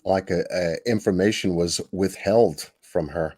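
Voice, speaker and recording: A man's voice: sits low, unhurried, dark tone, no room sound, studio quality. A man co-hosting a livestream, speaking hesitantly with fillers.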